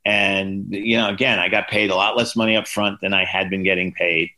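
A man in his sixties, an author, telling lively stories as a podcast guest and acting out the people he quotes. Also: a little fast. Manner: lively anecdotes, voices quoted people with big pitch jumps. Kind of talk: storytelling in a podcast interview.

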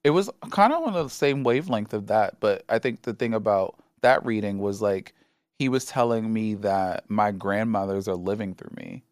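A man co-hosting a podcast, chatting casually and with a relaxed manner in a studio. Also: lowish voice, normal speed, dry recording. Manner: relaxed and chatty, heavy use of "like". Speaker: podcast co-host. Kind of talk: casual chat.

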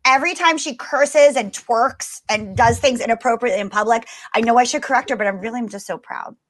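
A woman's voice: fairly high pitch, a little fast. A woman in her thirties, a guest on a casual podcast, telling brash jokes about her daughter. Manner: animated, brash joking storyteller. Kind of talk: casual chat.

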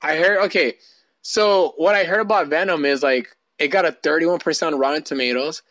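A man's voice: on the high side, moderate pace, a bit bright. A man co-hosting a casual couple podcast, joking crudely and swearing often. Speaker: podcast co-host.

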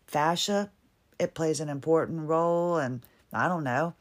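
A woman's voice: low voice, unhurried. A middle-aged woman from Virginia with a Virginian accent, talking casually and wryly on her own podcast. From Virginia, USA. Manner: chatty, wry, laughs at herself. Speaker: podcast host. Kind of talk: casual monologue.

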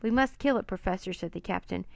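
A woman voicing an alarmed male ship captain barking orders in a storybook reading, with a slightly gravelly, dry close sound. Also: medium pitch, fast, darkish tone, no room sound, close to an everyday voice. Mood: commanding.

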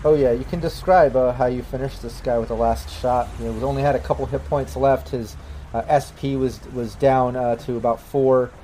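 A man running a tabletop game as game master, narrating the scene in a relaxed, chatty way with plenty of fillers. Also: medium pitch, brisk, a little hiss or hum, poor audio.

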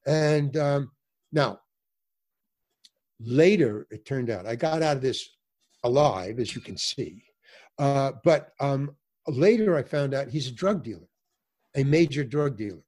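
A man's voice: mid-range voice, animated, a little slow, pauses often, a little mellow. An older man, an actor and comedian, telling a story in a casual interview and acting out the voices of the people in it, with many fillers and restarts.

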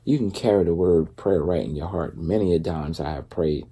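A man's voice: sits low, moderate pace, mellow, slightly rough. A man talking loosely and conversationally in a casual faith-based vlog, full of fillers and asides. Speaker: vlogger.

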